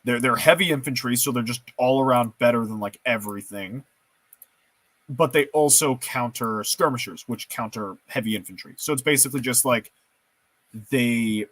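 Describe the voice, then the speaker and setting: A man's voice: medium pitch, a bit bright, no echo. A man giving casual let's-play commentary, thinking aloud and joking at his own expense as he makes choices in a strategy game. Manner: thinking aloud, self-mocking, playful. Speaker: gameplay streamer.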